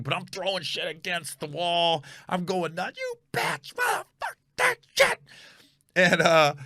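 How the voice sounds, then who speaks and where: A man hosting a comedy podcast, telling a funny story with animated energy and loud reenactments. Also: no room sound, clean studio sound. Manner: animated storyteller, bursts into high shouted yelling when reenacting.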